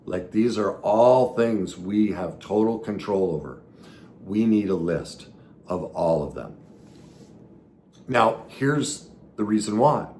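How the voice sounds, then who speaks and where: A man with a very low voice hosts a solo podcast as a recovery coach. He talks in an earnest, coaching way, jumping into emphatic bursts and then dropping quiet. A faint background noise sits under the recording. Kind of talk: solo podcast teaching talk.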